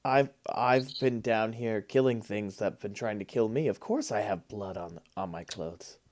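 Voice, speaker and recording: A man's voice: lowish voice, moderate pace, a little mellow. A man speaking in character as a player in a tabletop game, dry and exasperated.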